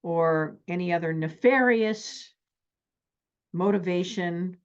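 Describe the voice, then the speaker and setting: Animated, extroverted woman therapist teaching. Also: on the low side, slow pace, smooth, dull audio. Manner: animated, extroverted, acts out anecdotes. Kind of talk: teaching talk with stories.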